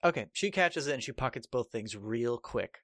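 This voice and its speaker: A man's voice: mid-range voice, normal speed, no echo, clean studio sound. A man running a tabletop game as game master, narrating loosely with frequent fillers and restarts. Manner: relaxed, hesitant narration with fillers.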